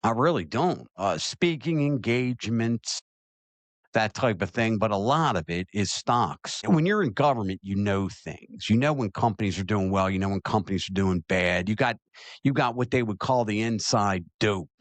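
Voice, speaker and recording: A man's voice: lowish voice, lively intonation, normal speed, no echo. A man hosting his own podcast, ranting emphatically and answering listener questions, often repeating himself to drive a point home. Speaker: podcast host. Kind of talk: opinion rant and listener Q&A.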